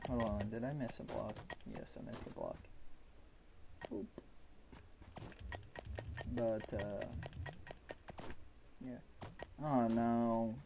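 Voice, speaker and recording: A man's voice: medium pitch, very slow, creaky, pauses often, lo-fi sound, noisy background. A man in his twenties chatting casually and frankly from his bedroom during a live game stream. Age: 20s. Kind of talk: casual rambling chat.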